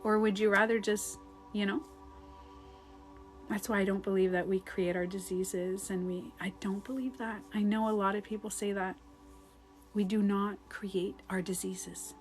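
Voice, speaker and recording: A woman coaching on a live stream, chatting casually and answering comments, rambling and candid, swearing and laughing easily, sometimes dropping to a hushed voice. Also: mid-range voice, fairly even intonation, moderate pace, soft background music.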